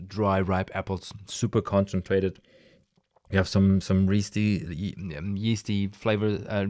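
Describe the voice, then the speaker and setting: Low-voiced man chatting enthusiastically. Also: a little mellow, dry recording, studio quality. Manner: enthusiastic, rambling, frequent restarts and sighs. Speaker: podcast host. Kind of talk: casual solo wine podcast.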